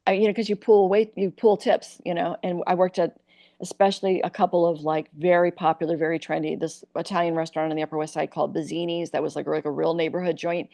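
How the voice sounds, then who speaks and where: A woman's voice: fairly low pitch, brisk, vocal fry, no room sound, clean studio sound. A woman from Iowa, a comic actress, telling candid stories in a podcast interview and acting out the people in them. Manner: animated, acts out quoted voices.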